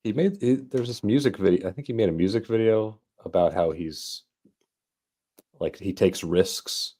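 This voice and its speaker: A man's voice: fairly low pitch, normal speed, mellow. A man chatting on a comedy podcast with short, dry replies. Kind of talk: casual comedic chat.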